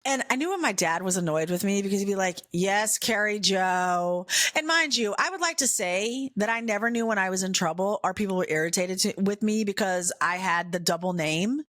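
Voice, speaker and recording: A woman podcast host telling a candid, humorous personal story in an animated way. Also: mid-range voice, fairly quick, few pauses, no room sound, clean studio sound.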